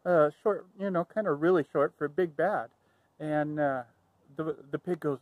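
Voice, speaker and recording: A man's voice: on the high side, moderate pace, darkish tone, dry recording, rough recording. A man telling an improvised story in a playful, rambling way, often correcting himself.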